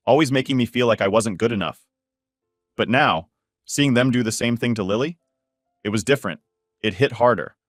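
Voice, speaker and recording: A man's voice: lowish voice, fairly bright tone, no room sound. A man narrating a first-person story in a blunt, angry way, swearing freely. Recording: dry voice with faint music behind.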